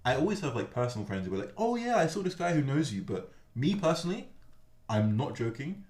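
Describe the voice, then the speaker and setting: Animated young man telling stories. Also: mid-range voice, brisk. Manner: animated storyteller, acts out voices. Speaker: host. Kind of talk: casual chat. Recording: echoey room, faint background noise.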